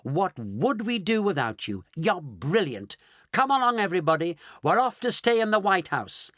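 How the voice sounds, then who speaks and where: A man voicing an eccentric, brisk chocolate maker who hurries everyone along in a storybook reading. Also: high-pitched, very animated, fairly bright tone, dry recording, clean studio sound, voice pushed up. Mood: delighted. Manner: brisk and theatrical.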